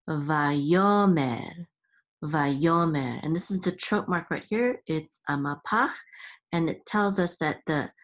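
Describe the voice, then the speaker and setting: A woman's voice: sits low, husky. A woman hosting a reading lesson, patiently sounding out letters and syllables one at a time. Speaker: Hebrew reading teacher and podcast host.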